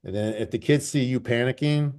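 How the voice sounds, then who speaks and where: A man who coaches track and field, answering interview questions in a relaxed, rambling way and repeating phrases for emphasis. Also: medium pitch, brisk. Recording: call recording.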